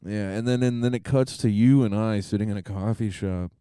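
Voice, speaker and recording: Podcast co-host, male, low dark voice, easygoing banter with lots of laughing, dry close sound. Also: fairly quick, clean tone, dry recording. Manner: laid-back, laughs often, says "dude". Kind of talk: casual comedic banter.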